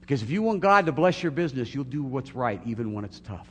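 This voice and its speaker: A middle-aged male pastor delivers a sermon, earnest and building to emphatic peaks. His voice sits at an ordinary pitch and carries a long reverb from the sanctuary, with a faint hum underneath. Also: sing-song, fast talker. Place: church sanctuary.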